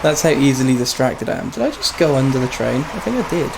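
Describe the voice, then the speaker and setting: A man's voice: medium pitch, big pitch swings, quick pace, gravelly. A man chatting casually while playing a train simulator, rambling through stories and laughing at himself. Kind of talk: casual gameplay commentary and storytelling. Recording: game noise behind the voice. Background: train simulator engine and rail sounds.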